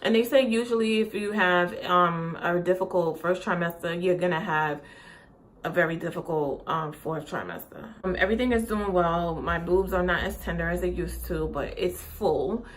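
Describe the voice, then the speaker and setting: A woman's voice: on the low side, normal speed. A young woman chatting casually in a pregnancy update vlog, rambling with lots of fillers and restarts, often a little out of breath. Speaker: vlogger.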